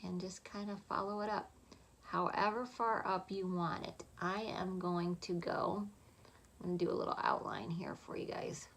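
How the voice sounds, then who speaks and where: A woman talking through a makeup tutorial in a soft, chatty voice, often dropping to a half-whisper. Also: on the low side, moderate pace, vocal fry, a little hiss or hum. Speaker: makeup vlogger.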